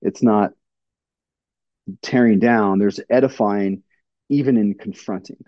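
Earnest male pastor, mellow voice. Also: on the low side, takes it slowly, dry recording, lo-fi sound. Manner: earnest, plainspoken, frequent fillers and restarts. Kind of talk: sermon-style teaching with audience questions.

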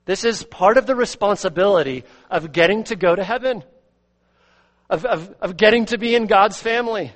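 A man with a fairly high voice preaches to a church, earnest and emphatic. He repeats words as he works through a point and drops suddenly to quiet asides. His voice rings with a long hall reverb. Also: normal speed. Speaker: pastor. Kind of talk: expository sermon.

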